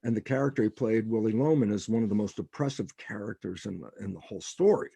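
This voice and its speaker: A man's voice: on the low side, quick pace, gravelly, warm tone, slightly rough, no room sound. An older man, a guest biologist on a podcast interview, telling stories with animation and acting out quoted dialogue. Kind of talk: interview conversation.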